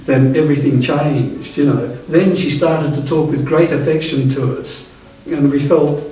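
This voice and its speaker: A man in his seventies recalling the past in a thoughtful, halting way, with many restarts. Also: on the high side, steady tone, mellow. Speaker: interviewee. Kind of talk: reflective reminiscing. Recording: roomy echo, distant mic.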